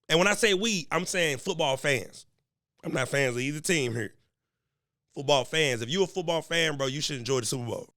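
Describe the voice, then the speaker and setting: A man's voice: medium pitch, a bit bright, dry recording. Young man, solo podcast host, casual and cussing, a bit stuffy from a cold, recorded close and dry. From American Midwest. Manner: loose, joking and profane, talks straight to listeners. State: has a slight cold.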